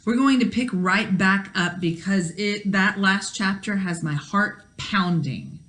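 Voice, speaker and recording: A woman's voice: mid-range voice, a little slow, fairly bright tone. A woman teacher reading a children's novel aloud, with chatty asides to the kids.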